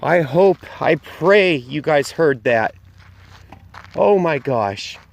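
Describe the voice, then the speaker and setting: Talking into a handheld camera mic in a nighttime cemetery, the male vlog host has a slightly high, creaky voice and a slow but animated delivery. Exclamations come often, and he keeps repeating brief phrases as he hunts for ghosts.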